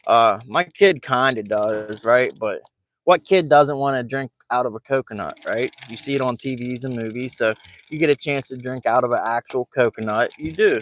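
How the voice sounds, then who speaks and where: A man's voice: mid-range voice, fairly bright tone, a little hiss or hum. A man telling a rambling story to camera while fishing from a boat. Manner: rambling, chatty, laughs through his story. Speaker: fishing vlogger.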